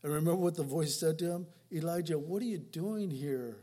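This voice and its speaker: A man with a high, husky voice preaching a sermon. He talks in a loose, conversational way, repeating words and restarting his sentences. He moves between louder emphasis and quiet asides. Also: brisk. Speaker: pastor.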